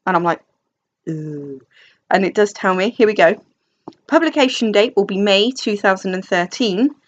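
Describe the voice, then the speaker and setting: In a dim room at home, a young English book vlogger rambles through a casual chat, self-deprecating and full of fillers and restarts. She speaks briskly in a mid-range voice, and the audio sounds dull.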